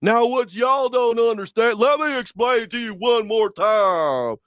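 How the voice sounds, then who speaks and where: A man imitating a condescending older farmer from Virginia, with a slow, lecturing Southern Virginia drawl. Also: very high voice, expressive, fairly bright tone, dry recording, pitched above the performer's own voice, heavily acted.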